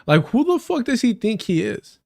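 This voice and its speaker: A man's voice: high-pitched, sing-song, moderate pace, gravelly, darkish tone. A man hosting a livestream, giving heated and sarcastic political commentary with frequent swearing. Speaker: livestream host.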